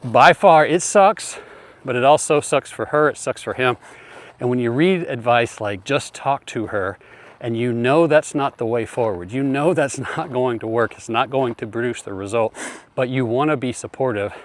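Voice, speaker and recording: A man's voice: mid-range voice, normal speed. Earnest man giving marriage advice. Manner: earnest, repetitive, speaks to listener as "brother". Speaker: marriage coach. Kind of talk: direct-to-camera advice talk.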